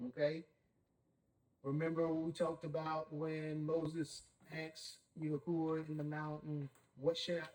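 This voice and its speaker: A man's voice: a little high, flat delivery, slow pace, a little mellow, poor audio. A man leading a Bible study, who keeps saying "okay?" and puts questions to his group. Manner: checks in with "okay?" constantly, asks the group questions.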